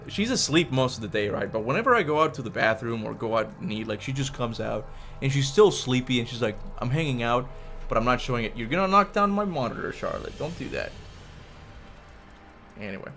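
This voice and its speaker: Breathless and expressive, a male gaming streamer speaks a little fast in a medium, fairly bright voice. He's livestreaming from his home desk through a desk mic, keeping the chat casual and playful and lapsing into baby talk with his cat.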